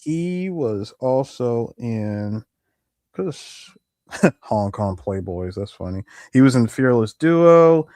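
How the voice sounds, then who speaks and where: A man of middle pitch co-hosting a podcast, listing facts in a knowledgeable way, dotted with filler words. The recording is dry and close. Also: expressive, takes it slowly, warm tone, no echo. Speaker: podcast co-host. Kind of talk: casual chat.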